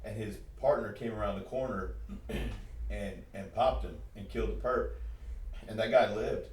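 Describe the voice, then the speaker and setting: Man, podcast host, casual animated talk, lots of "like", echoey room, mic a bit far. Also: fairly low pitch, moderate pace. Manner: animated, repeats words, many "like"s. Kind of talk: casual chat. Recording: roomy sound from a distance.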